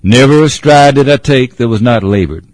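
A man narrating a storybook in a measured, old-fashioned way, addressing a listener as sir. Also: mid-range voice, darkish tone, no room sound.

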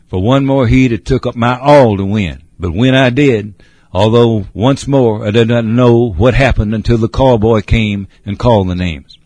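A man's voice: mid-range voice, normal speed, darkish tone, dry recording, natural voice. A man voicing an old male cab horse with a gurgling voice, telling his tale politely and addressing the listener as sir. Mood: proud. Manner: polite, says sir often.

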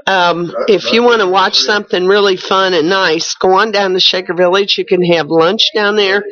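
An older woman, hoarse from a cold, reading radio announcements with wry asides. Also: medium pitch, steady tone, normal speed, a bit bright. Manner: chatty, wry asides while reading notices. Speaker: radio host. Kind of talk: casual radio chat with announcements. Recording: muffled, lo-fi radio recording.

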